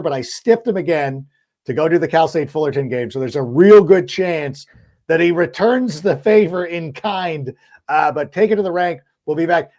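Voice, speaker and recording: An animated man hosts a casual sports podcast, speaking quickly. His voice sits a little high, and he often slips into acted-out quotes. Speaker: podcast host.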